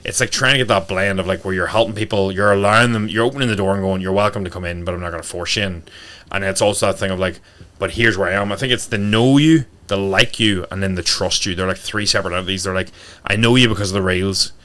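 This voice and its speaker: A man's voice: sits low, fast talker, fairly bright tone. A man, a fitness coach guesting on a podcast, talking bluntly and swearing freely. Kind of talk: casual podcast talk.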